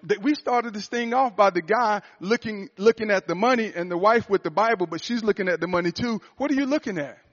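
A man's voice: sits high, a little fast, hardly any pauses, a bit bright. A man who works as a motivational speaker and coach, telling a personal story in a sermon style. He talks earnestly and often restarts and repeats phrases. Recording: dull lo-fi recording.

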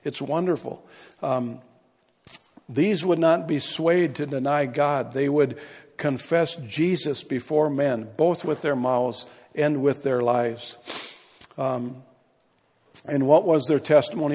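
A man's voice: mid-range voice, darkish tone. A man preaching a sermon as pastor, impassioned and building to emphatic peaks. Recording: long hall reverb.

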